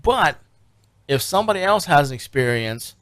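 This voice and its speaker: A man's voice: a little high, very animated, normal speed, fairly bright tone. A man co-hosting a radio talk show, telling a long, rambling story with many fillers and restarts. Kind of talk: casual radio chat recapping a TV show.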